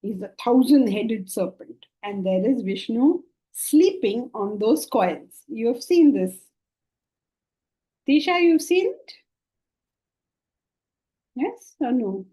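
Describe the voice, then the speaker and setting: Husky, mellow-voiced woman teaching philosophy. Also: on the high side, measured pace, few pauses, low-quality recording. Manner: lively, questioning the class. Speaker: Vedanta teacher. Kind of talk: spiritual lecture.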